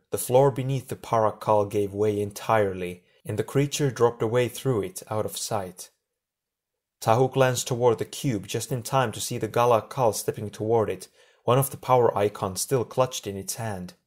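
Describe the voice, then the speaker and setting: Male narrator, audiobook, low voice, steady storytelling. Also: normal speed. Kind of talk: scripted narration.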